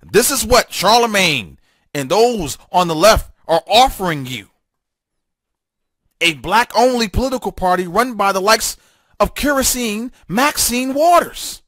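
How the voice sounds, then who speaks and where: A man's voice: high voice, lively intonation, a little slow, a bit bright, no room sound, clean studio sound. A man hosting a political talk show, delivering a fiery, emphatic solo monologue full of repetition and stammered restarts.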